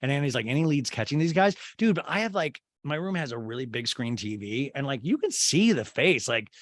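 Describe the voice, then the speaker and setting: Male comedy podcaster, lively swinging delivery, dry close mic, cusses and mocks. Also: medium pitch, fairly quick, no room sound. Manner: profane, mocking, animated storytelling. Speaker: podcast host. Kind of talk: comedic TV recap.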